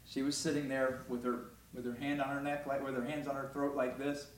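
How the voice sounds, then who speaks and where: A man preaching a sermon in a conversational way, often asking "all right?", moving between loud emphasis and quiet, close talk. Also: mid-range voice, flat delivery, brisk, slight background noise. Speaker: pastor.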